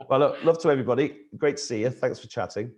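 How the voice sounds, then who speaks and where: A middle-aged man hosting a casual chat over a video call, easygoing and unhurried. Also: mid-range voice, darkish tone. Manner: easygoing, unhurried, lots of "you know". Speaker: host.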